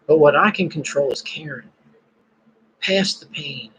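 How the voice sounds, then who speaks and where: A man's voice: on the high side, unhurried, fairly bright tone, slight background noise, rough recording. A man hosting a casual live stream, musing and praying aloud between his thoughts. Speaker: podcast host.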